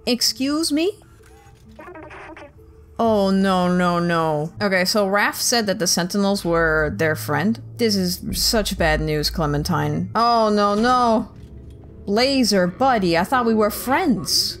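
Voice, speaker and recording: A woman's voice: medium pitch, slow pace, faint music behind. A woman hosting a gaming channel, casually commentating her playthrough, joking and talking to the characters on screen. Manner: chatty, joking, reacting aloud and talking to game characters. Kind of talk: casual let's-play commentary.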